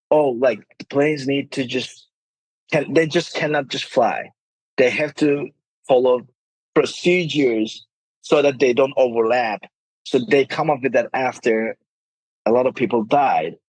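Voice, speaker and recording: A man's voice: mid-range voice, unhurried, husky, no room sound, poor audio. A man appearing as a guest in a podcast interview, speaking earnestly and emphatically. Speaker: game studio CEO, podcast guest.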